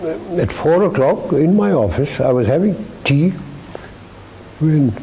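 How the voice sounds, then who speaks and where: Older man with a gravelly Indian accent. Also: fairly high pitch, expressive, a little slow, a crowd in the background, rough recording. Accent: Indian English. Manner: witty, dry, acts out the people in his stories. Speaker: retired army chief telling stories. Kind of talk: anecdotal storytelling in an interview.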